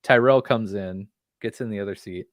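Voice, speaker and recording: Podcast co-host, male, low pitch, dry close sound, animated recapper. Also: normal speed, dry recording. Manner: animated storyteller, acts out lines from scenes. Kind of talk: casual chat recapping a TV episode.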